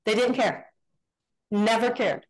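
Middle-aged woman guest, lively storyteller who acts out each voice, higher pitch. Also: slow, low-quality recording. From Northern California. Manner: animated storyteller, acts out quoted dialogue. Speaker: guest, contractor. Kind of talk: casual storytelling interview.

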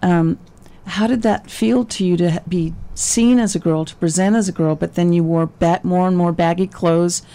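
A woman's voice: on the low side, fairly even intonation, moderate pace, few pauses, warm tone. A woman interviewing a guest, who asks probing questions and rephrases them again and again.

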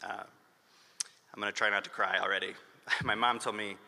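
A man's voice: fairly low pitch, flat delivery, moderate pace, gravelly, noisy background. A man in his thirties from northern Michigan giving an earnest acceptance speech with touches of humor in a hotel ballroom. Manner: earnest and emotional, with light humor. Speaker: award honoree giving a speech. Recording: long hall reverb.

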